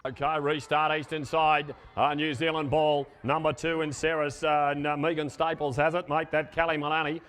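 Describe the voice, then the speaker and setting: A man giving live play-by-play commentary on a horseback ball game, calling names quickly with fillers and rising to shouts at goals. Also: fairly high pitch, level tone. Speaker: sports commentator.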